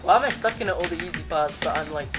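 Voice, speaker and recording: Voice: medium pitch, fast, loud music behind the voice. A young adult streamer giving casual, slangy commentary to viewers while playing a game. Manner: slangy, chatty, talks to viewers between attempts. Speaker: gaming streamer.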